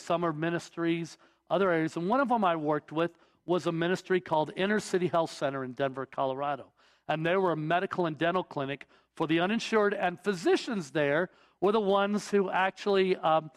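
A male pastor in his forties delivers a sermon in a high, light voice. He tells stories and drives home his points with emphatic build-ups.

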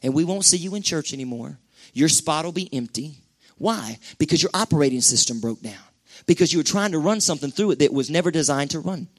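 A man's voice: fairly high pitch, lively intonation, fairly quick. A male pastor preaching a sermon to his church in a folksy, conversational way with colloquial asides.

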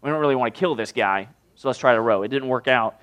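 A pastor giving a casual, animated sermon, reading scripture and adding asides. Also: male voice, medium pitch, fast talker, muffled recording.

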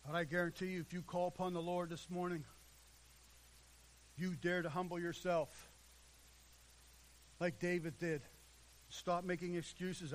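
Man, pastor, sermon, high-pitched, impassioned, church. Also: flat delivery, measured pace, long pauses, a little hiss or hum. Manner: impassioned preaching, swinging between loud and hushed. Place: church sanctuary.

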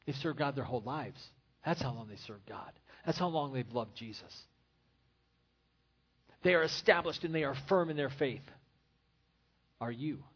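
A man's voice: mid-range voice, animated, normal speed, pauses often, slightly rough, highs cut off. A man pastor preaching a sermon in an earnest, repetitive style. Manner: earnest preaching with repeated phrases.

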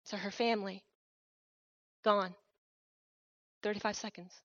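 A middle-aged woman, a missionary, giving a personal testimony in an earnest, reflective storytelling manner with soft pauses. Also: medium pitch, fairly even intonation, no room sound, dull audio. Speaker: missionary speaker.

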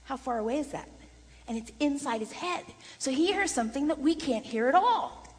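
A woman leading a voice workshop for singers in a chatty, lively way with frequent laughter. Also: high voice, fairly quick. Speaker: vocal coach. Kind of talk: voice workshop lesson. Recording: long reverb in a large room.

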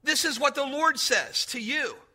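Man, pastor, sermon, very high voice, sharp tense tone, direct and conversational, shouted emphasis. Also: big pitch swings, unhurried. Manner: conversational, addresses congregation directly.

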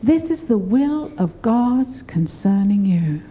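A woman's voice: slow, dull audio, slight background noise. An older woman preaching a sermon, encouraging and often laughing as she speaks. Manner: warm, laughing, encouraging, lively pitch swings.

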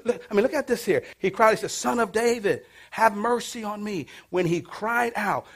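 A man preaching a sermon as pastor, calling out to the congregation and swinging between hushed, near-whispered lines and loud exclamations. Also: sits high. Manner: preaching with call-outs to the congregation.

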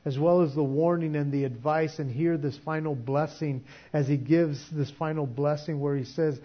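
A man's voice: a little high, fairly even intonation, moderate pace, hardly any pauses, highs cut off. A man preaching a sermon in a conversational way, often restarting his sentences. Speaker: pastor.

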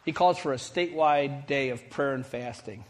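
A man's voice: mid-range voice, moderate pace. Man preaching a conversational sermon. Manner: conversational preaching with rising emphasis and sudden quiet drops. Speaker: pastor.

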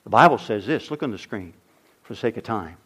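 A middle-aged man preaching a sermon as pastor, swinging from loud emphasis to near-whispers. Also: fairly low pitch, expressive, fairly quick, breathy edge.

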